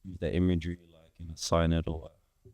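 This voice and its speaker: Young guy guest, super deep dark voice, rambly, says like a lot. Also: monotone, a little fast. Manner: rambling, heavy use of "like" fillers. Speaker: guest, father of three. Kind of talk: casual podcast conversation.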